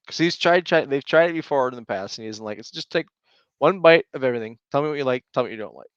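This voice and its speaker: A man in his thirties chats on a podcast and spins animated stories about his kids, laughing easily. His voice sits at a middle pitch. The sound is dry and a bit dull, like a lo-fi home setup. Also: rapid-fire, clear, resonant tone, dry recording. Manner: animated storyteller, laughs often. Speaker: podcast co-host. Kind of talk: casual podcast chat.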